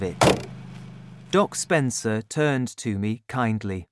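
A man reading a simple storybook aloud for learners, first going through new words, in a careful, deliberate way. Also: mid-range voice, very animated, over music. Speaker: narrator of a graded reader. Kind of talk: slow, clear storybook narration with vocabulary list.

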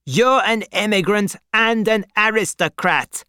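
A man voicing harsh shouting revolutionary officials. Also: high voice, lively intonation, unhurried, smooth, no echo, clean studio sound, voice pushed up. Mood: commanding. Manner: harsh, loud, commanding delivery. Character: stern revolutionary French officials and patriots, male.

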